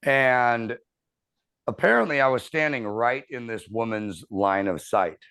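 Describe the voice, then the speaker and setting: A man in his thirties telling a profane, animated story as a podcast host in casual chat. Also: medium pitch, unhurried, clear, resonant tone.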